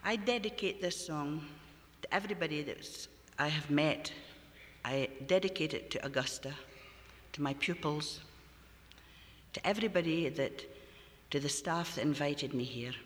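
A woman's voice: deep voice, normal speed, long pauses, big-room sound, a little hiss or hum. A woman folk singer speaking from the stage at a live concert, choked up as she makes a heartfelt dedication.

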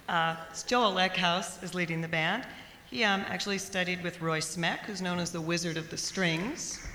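A woman emceeing a live event, announcing from the stage in a warm, chatty way with small fillers. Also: fairly low pitch, unhurried. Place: large hall with live audience. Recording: roomy hall, faint crowd and noise.

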